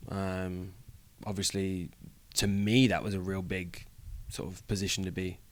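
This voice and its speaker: A young British man chats as an interview guest, joking and laughing easily as he talks. His voice sits on the low side. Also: flat delivery, a little slow. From United Kingdom. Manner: playful, jokey, laughs easily. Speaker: professional wrestler, guest. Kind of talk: casual interview chat.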